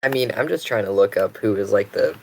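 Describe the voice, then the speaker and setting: Low-voiced man with dry sarcastic quips. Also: brisk, gravelly, a little hiss or hum, rough recording. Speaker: podcast co-host. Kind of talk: casual film-review chat.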